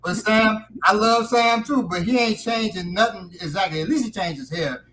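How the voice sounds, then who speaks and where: A man's voice: sits high, moderate pace, sharp tone, a little hiss or hum, poor audio. A man in casual podcast banter, joking with frequent stumbling restarts.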